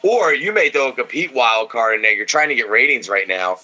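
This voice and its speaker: A man's voice: medium pitch, lively intonation, a little fast, bright, forceful tone, lo-fi sound. A man co-hosting a casual podcast, watching wrestling and giving blunt, opinionated takes full of swearing. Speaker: podcast co-host.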